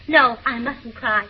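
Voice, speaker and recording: A woman's voice: high-pitched, a little hiss or hum. A woman in a 1940s radio comedy, playing a gushing, overwrought young wife welcoming her soldier home. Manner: overwrought, gushing, sobbing, then laughing. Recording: dull old radio recording.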